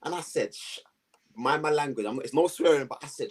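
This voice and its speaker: A man tells a personal story with slangy, animated energy. His voice is somewhat husky and his pitch jumps around a lot as he acts out the people in it. It sits a little high for a man. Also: a little fast. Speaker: guest. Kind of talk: storytelling in a conversation.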